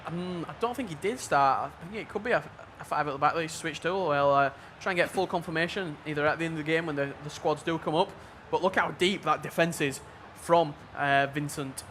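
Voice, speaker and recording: A man giving play-by-play commentary on a football video game match, measured and level-headed in his analysis. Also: a little high, fairly bright tone, a little hiss or hum. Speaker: esports commentator.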